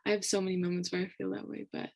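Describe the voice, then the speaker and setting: A woman's voice: fairly low pitch, little pitch movement, very fast, a little mellow. A young woman hosting a live student panel, thanking the guests and moving on to the next question in a friendly way. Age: young adult. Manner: friendly, moves questions along. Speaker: host.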